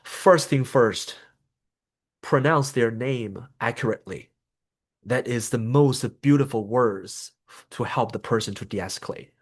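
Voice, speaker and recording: Man explaining calm de-escalation steps. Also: measured pace. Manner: explanatory, acts out example scripts with raised pitch. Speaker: trainer. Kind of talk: professional development lecture.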